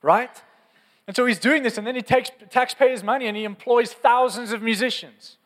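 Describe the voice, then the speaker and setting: A young man preaching a sermon, telling stories in a lively, conversational, fervent way. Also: extremely high pitch, moderate pace. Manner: animated storytelling, conversational and fervent. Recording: long hall reverb.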